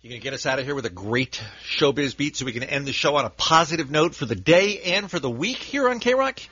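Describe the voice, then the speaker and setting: A man's voice: a little high, animated, fast, sharp tone, husky, no echo, dull audio. A man hosting a radio show, upbeat and wry in casual banter. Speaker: radio host.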